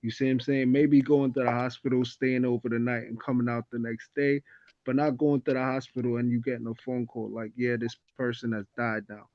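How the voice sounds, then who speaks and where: A man telling a story in a casual group discussion, halting and restarting often. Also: mid-range voice, flat delivery. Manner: halting, restarts often, "you see what I'm saying". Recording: dull lo-fi sound.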